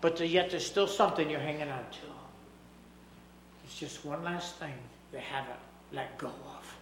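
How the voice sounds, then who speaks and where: A man preaching, telling a story with dramatic swings from loud to hushed. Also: a little high, unhurried, echoey room, noisy background. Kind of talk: sermon storytelling.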